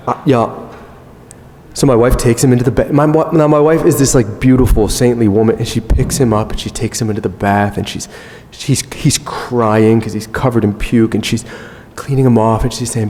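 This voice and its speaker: A man's voice: medium pitch, normal speed. Storytelling man in a reverberant hall. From United States. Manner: animated, self-mocking storyteller. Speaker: conference speaker. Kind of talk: storytelling talk. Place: large conference hall.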